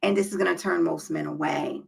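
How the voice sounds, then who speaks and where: A woman's voice: low-pitched, steady tone, fairly quick, vocal fry, husky, low-quality recording. A woman talking straight to her viewers with relationship advice, emphatic and preachy, often checking in with "okay?" and "right?". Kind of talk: direct-to-camera advice talk.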